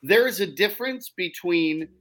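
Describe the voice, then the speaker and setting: A man's voice: sits high, lively intonation, normal speed, a bit bright. A man co-hosting a casual podcast, pressing his opinions emphatically. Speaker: podcast co-host. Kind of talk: casual chat.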